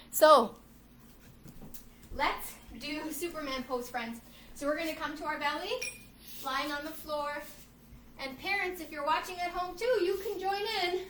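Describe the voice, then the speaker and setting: A woman who teaches children's yoga, reading a storybook aloud and guiding kids through poses in a lively, playful way. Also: high voice, far from the mic, slight background noise. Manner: animated, playful, addresses children as friends. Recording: echoey room, voice off-mic.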